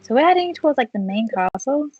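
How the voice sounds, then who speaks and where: A woman's voice: high voice, big pitch swings, fast talker, darkish tone, breathy edge, no room sound, muffled recording. A woman player in a tabletop game, giving brief, easygoing replies. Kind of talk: casual chat.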